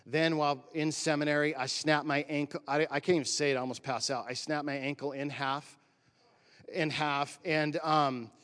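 A man's voice: fairly high pitch, steady tone, normal speed, fairly bright tone, long reverb tail. A man in his forties from Northern California telling a personal story as a pastor's sermon, in a conversational, emotional way with surfer slang. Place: church.

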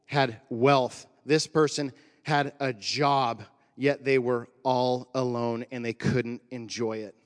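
A man preaching a sermon as a pastor, talking conversationally and telling animated stories. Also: mid-range voice. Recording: long hall reverb.

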